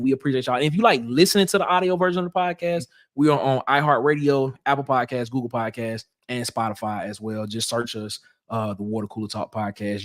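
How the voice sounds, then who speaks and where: A man, guesting on a casual sports podcast, laid-back and full of fillers and "y'all". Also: medium pitch.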